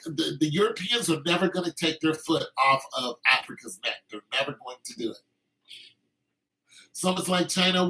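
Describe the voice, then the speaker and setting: A man's voice: on the high side, sharp tone, rough recording. A man hosting a podcast, delivering an opinionated casual monologue, heated and emphatic with frequent restarts. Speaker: podcast host.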